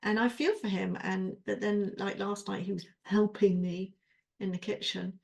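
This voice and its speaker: An exasperated woman pours out her frustrations in a coaching session, rambling and cutting herself off. She swears freely and sounds worn thin. Her pitch sits in a middle range. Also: fairly even intonation, moderate pace, creaky. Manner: rambling, with self-interruptions. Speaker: podcast co-host. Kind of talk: venting during a coaching session.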